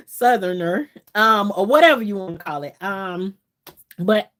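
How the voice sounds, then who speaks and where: Against a noisy background, a livestream host from Florida, USA, speaks in a mid-range, very animated voice at a measured pace. With her Southern accent, she chats casually, reads viewer comments, and laughs frequently.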